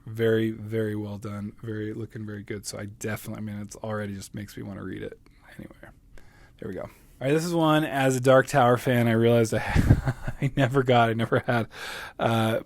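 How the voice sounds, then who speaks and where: A man in his thirties chats casually about his new books. He talks in an excitable, rambling way and laughs often. His voice sits in a middle pitch. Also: no room sound. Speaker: book video host. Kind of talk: casual book haul vlog.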